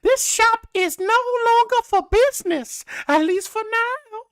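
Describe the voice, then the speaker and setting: A man putting on a high falsetto voice to mimic a dramatic, whiny woman with a Southern US accent. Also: a little slow, fairly bright tone, exaggerated voice.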